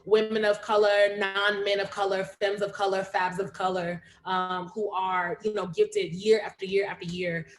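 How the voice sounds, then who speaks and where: A woman hosting a poetry reading over a video call, lively and slangy, hyping up her audience and reading an introduction. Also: mid-range voice, moderate pace, hardly any pauses, a little hiss or hum. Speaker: host of reading series. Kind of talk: casual live-stream hosting.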